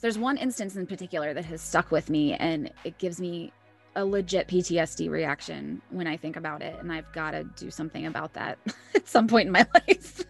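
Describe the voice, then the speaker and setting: A woman in her thirties talks openly as a podcast co-host, her voice sitting on the lower side. She tells personal stories in a candid, chatty way and laughs often. Faint music plays underneath. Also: fairly quick, creaky. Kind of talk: casual chat, personal storytelling.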